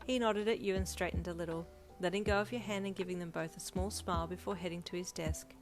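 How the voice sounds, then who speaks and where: A woman reads a fanfiction story aloud in a steady storytelling manner. Her voice sits somewhat low for a woman. Soft lo-fi music plays faintly behind her. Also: fast talker, few pauses. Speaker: narrator. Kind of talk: fanfiction audiobook reading.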